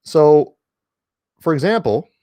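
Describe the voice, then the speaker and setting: This online commentator's voice is a little high and dark-toned, animated yet slow-paced, with no echo. Talking from home, he gives a casual lecture-style monologue, emphatically repeating key words and often filling pauses or restarting sentences.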